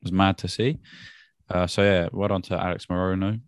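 A man with a very deep voice talks through a night of fights in a relaxed, laughing way, dropping "mate" here and there. The sound is dry and close. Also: fairly quick, clean tone, dry recording. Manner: laid-back, laughs often, British slang like "mate". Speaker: podcast co-host. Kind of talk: casual MMA fight recap.

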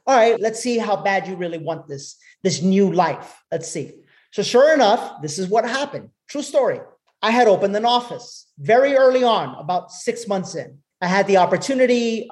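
Animated man coaching a live group. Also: high voice. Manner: animated storytelling, talks straight to the audience. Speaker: business coach. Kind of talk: motivational teaching to a live group.

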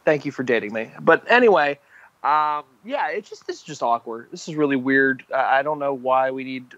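A man's voice: medium pitch, expressive, normal speed, fairly bright tone, no room sound. A man co-hosts a casual chat and trades wry, dry remarks. His voice comes through dull and lo-fi in a dead, dry space. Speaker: podcast co-host.

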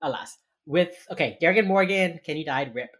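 A woman with a notably low voice talks through a TV episode in casual podcast chat. She tells it with animation, slipping into the characters' lines and swearing casually. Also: expressive, brisk, a bit bright. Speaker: podcast co-host.

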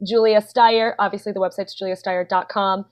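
A woman's voice: mid-range voice, fairly even intonation, normal speed, a little mellow, slight background noise. A young woman from Texas, chatting casually as a podcast guest, giggly and self-deprecating. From San Antonio, Texas.

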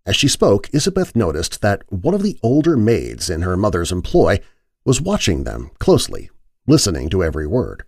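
A man narrating a scripted horror story in a dramatic, expressive way. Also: sits low, brisk, no room sound, studio quality. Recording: narration over music.

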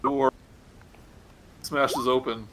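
A man's voice: medium pitch, flat delivery, fairly bright tone, slight background noise, poor audio. Man running a tabletop game. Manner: casual, halting narration with fillers. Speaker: game master.

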